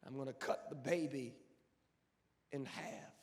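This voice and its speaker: A man voicing a wise king who gives measured, authoritative pronouncements in a sermon. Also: mid-range voice, fairly even intonation, voice pushed down, natural voice. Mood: stern. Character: wise commanding king judging a dispute. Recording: long church reverb.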